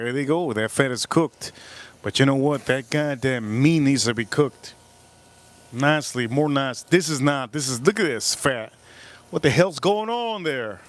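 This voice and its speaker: Blunt cursing man streaming his cooking. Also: mid-range voice. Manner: blunt, swearing, frustrated. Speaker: livestream host cooking and drinking. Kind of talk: casual live-stream commentary.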